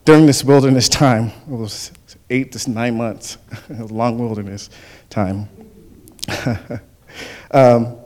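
A man sharing his testimony at church, telling stories in an animated way and often chuckling. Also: mid-range voice. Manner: animated storytelling with frequent chuckles. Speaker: church speaker. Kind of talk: spoken testimony.

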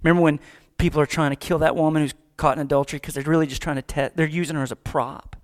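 A man preaching a casual, joking sermon, acting out quick voices as he talks. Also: fairly high pitch, fairly even intonation. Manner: conversational, joking, acts out voices. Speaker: pastor.

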